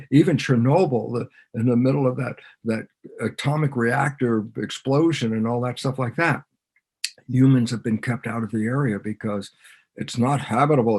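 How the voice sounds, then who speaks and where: Gravelly, husky man explaining animatedly. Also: medium pitch. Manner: animated, acts out both sides of dialogues. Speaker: podcast guest, biologist. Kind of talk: conversational interview explanation.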